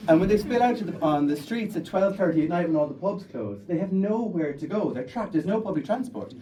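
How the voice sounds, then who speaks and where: A young Irish man with a Kerry accent tells a true comic story on stage in a lively, animated way. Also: sits high, far from the mic, slight background noise, poor audio. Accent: Irish, County Kerry. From Ireland. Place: storytelling stage before an audience.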